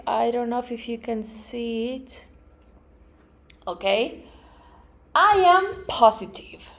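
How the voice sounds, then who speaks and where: At a live event, a metaphysics teacher gives a spiritual talk on positive attitudes, earnestly acting out affirmations and everyday reactions. Her voice is fairly high and creaky, and she often repeats words and restarts phrases.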